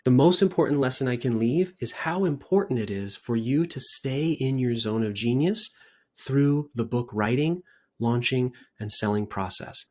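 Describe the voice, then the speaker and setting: A man giving an earnest, persuasive sales pitch to camera as the founder of a book-writing service, repeating his points for emphasis. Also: normal speed, darkish tone.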